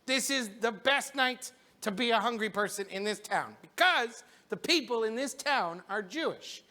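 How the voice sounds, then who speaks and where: Service leader as a friendly poor local man, bright, even tone. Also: mid-range voice, moderate pace, long reverb tail.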